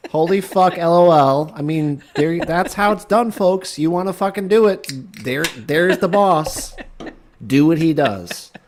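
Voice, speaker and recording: Brief: male co-host, wry, casual swearing, voice sits a little high. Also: big pitch swings, slow, a little hiss or hum. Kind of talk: casual comedy banter.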